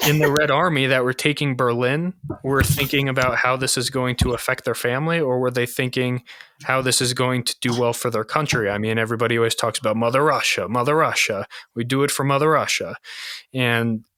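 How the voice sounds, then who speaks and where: A man in his thirties from the United States, a podcast host telling profane, animated anecdotes in casual chat. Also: mid-range voice, fairly quick, a little hiss or hum.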